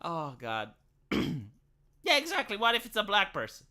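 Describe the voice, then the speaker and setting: A man's voice: high-pitched, wildly swooping pitch, moderate pace, sharp tone. A man, a live streamer rambling through an opinionated, sarcastic late-night rant, swearing casually as he goes.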